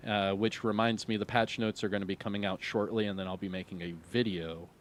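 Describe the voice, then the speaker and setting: A man's voice: lowish voice, fairly even intonation, brisk, a little hiss or hum. A middle-aged man streaming live, chatting casually and reading viewer questions, laid-back and rambling with lots of fillers.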